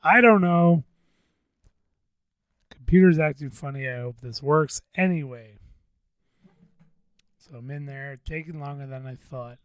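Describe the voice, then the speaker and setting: A man's voice: fairly high pitch, a little slow, pauses often, smooth, no room sound. A man hosting a podcast, telling a story in a rambling, profane, self-deprecating way. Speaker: podcast host. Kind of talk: casual venting monologue.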